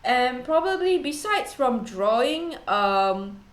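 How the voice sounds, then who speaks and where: A young woman streamer chatting casually with her viewers, rambling and giggly and quick to poke fun at herself. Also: sits high, big pitch swings. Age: young adult. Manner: rambling, giggly, self-deprecating. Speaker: VTuber streamer. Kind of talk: casual chat. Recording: roomy echo.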